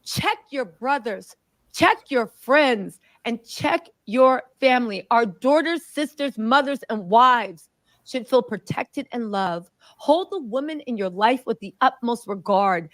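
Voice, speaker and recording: A woman's voice: on the high side, lively intonation, takes it slowly, a bit bright, dry recording. A woman host giving emphatic reaction commentary and reading a statement aloud. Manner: emphatic, preachy.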